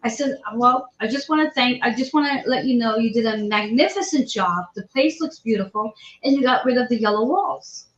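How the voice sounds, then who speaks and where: A woman hosting a casual chat, telling a story with lively, acted-out quotes. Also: on the high side, normal speed, hardly any pauses. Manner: animated storyteller, acts out quoted voices. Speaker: host. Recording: roomy, dull lo-fi sound.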